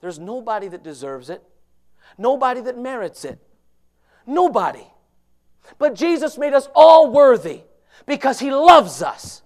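A fervent preacher with a very high-pitched voice, swinging from shouted appeals to soft, hushed pleading. He quotes scripture in archaic wording as he urges his listeners. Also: big pitch swings, a little slow, long pauses. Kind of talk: sermon.

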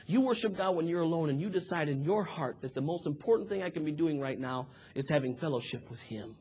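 A man preaching a sermon, moving from quiet talk to shouted fervor and acting out prayers and voices as he tells the story. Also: on the high side, expressive, brisk. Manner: acts out prayers and dialogue in the telling.

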